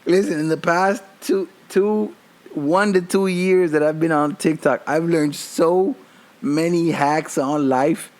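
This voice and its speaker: A man's voice: on the high side, slow pace. A man in his thirties telling casual stories on his own podcast, cursing freely and laughing often. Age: 30s. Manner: profane, animated, laughing often. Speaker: podcast host. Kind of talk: casual storytelling monologue.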